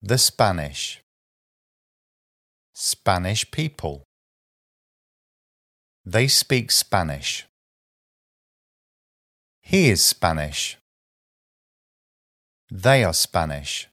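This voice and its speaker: A man reading a vocabulary list aloud as a teacher, slow and deliberate, pausing after each short phrase. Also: low voice, sing-song, a bit bright.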